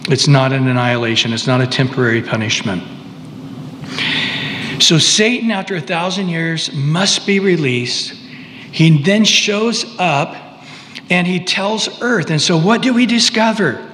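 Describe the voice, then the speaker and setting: A male preacher giving a conversational sermon, pausing, restarting and tossing asides to the congregation. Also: sits high, lively intonation, a bit bright, big-room sound, a little hiss or hum.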